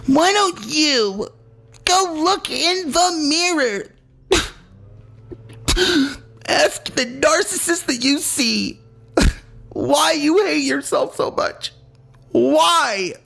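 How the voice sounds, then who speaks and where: A man voicing a nitpicking, smug male online commenter with a drawn-out, creaky, sing-song delivery. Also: extremely high pitch, expressive, bright, forceful tone, voice pushed up, exaggerated voice. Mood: mocking.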